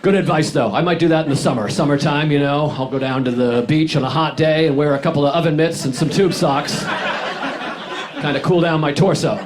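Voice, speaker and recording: A man performing a stand-up comedy set on a club stage, deadpan and self-deprecating, dropping his voice low for wry asides. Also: fairly quick, a crowd in the background. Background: audience laughter.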